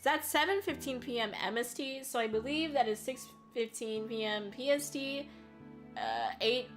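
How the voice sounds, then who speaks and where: A woman's voice: a little high, big pitch swings, normal speed. A woman VTuber chatting casually on a live stream, reading viewer comments, laughing often and swearing as she rambles. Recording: faint music underneath.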